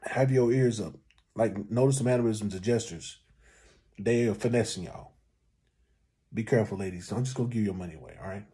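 A man's voice: lowish voice, a little fast, pauses often, warm tone, slightly rough. A man commenting on a clip, speaking directly to his listeners in a preachy, casual way.

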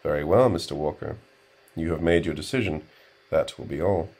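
A stern, tired male professor, voiced by a male reader, cold and level in his speech. The voice is very deep and kept quiet and restrained. It is read from an audiobook. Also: moderate pace. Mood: weary. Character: weary, stern middle-aged male professor.

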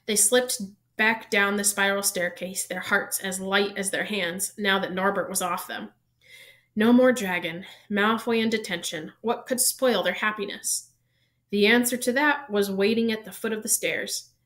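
A woman reading a children's novel aloud, narrating in an even, steady storytelling manner. She keeps the flow plain, now and then catching and fixing a slipped word. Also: medium pitch. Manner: even storytelling pace, small self-corrections. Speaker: reader.

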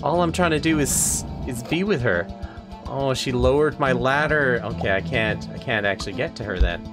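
A man hosting a let's play, reacting to the game aloud in an excitable, exclaiming, self-mocking way. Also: medium pitch, moderate pace. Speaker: gaming channel host. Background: game music.

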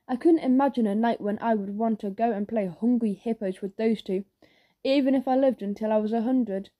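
A polite schoolboy from a children's story who can't quite believe what he hears, voiced by a woman reading aloud. He speaks carefully and with disbelief. The voice is high and soft, with a warm tone. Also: fairly quick, lightly acted. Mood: puzzled. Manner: incredulous, polite.

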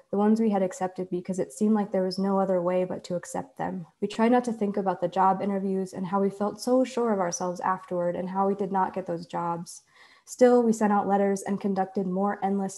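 Woman giving a measured literary reading. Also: mid-range voice, steady tone, warm tone. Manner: measured, deliberate delivery. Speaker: author reading her fiction.

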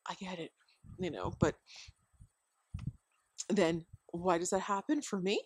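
In a dry recording, a woman with a fairly low, darkish, breathy voice speaks a little slowly. She's a homeschooling parent vlogger giving relaxed parenting advice outside by a deck with chickens, rambling with fillers and chuckling frequently.

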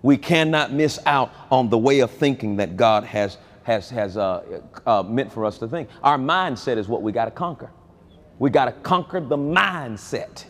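A man preaching a sermon at a large convention, with an animated delivery that swings between loud high calls and low quiet asides. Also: moderate pace. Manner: animated preaching with wide swings in pitch and loudness. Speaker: pastor.

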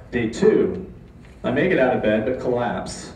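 A man telling a comic true story on a live stage, with a deadpan, mock-dramatic delivery. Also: mid-range voice, measured pace, faint music behind. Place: live stage before an audience. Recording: echoey room, distant mic, faint ambience.

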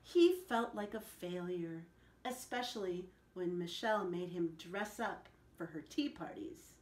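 A woman telling a picture-book story to children, animated and asking them questions along the way. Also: on the low side, a little slow. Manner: animated, asks the listeners questions. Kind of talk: picture-book read-aloud. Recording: echoey room.

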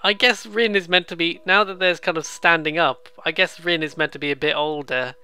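A let's play host giving casual, giggly commentary on a game, making quick self-deprecating asides. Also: medium pitch, steady tone, sharp tone, smooth, faint music behind.

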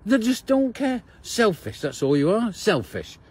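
Raspy ranting man. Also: high-pitched, huge pitch swings, a little slow. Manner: ranting, accusatory. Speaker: angry protester at a car. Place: outdoors on a street.

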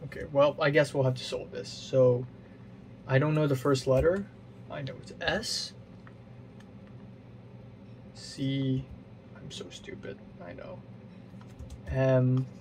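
A man's voice: mid-range voice, fairly even intonation, takes it slowly, long pauses, background noise. A man hosting his own gaming video, thinking aloud and muttering to himself as he works through a puzzle, often mocking himself. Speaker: gaming channel host. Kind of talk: playing a puzzle game while thinking aloud.

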